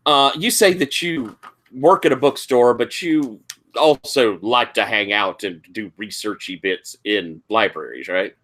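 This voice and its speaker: A game master narrating a tabletop role-playing session and setting scenes for a player. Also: mid-range voice. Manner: unhurried, lively storytelling.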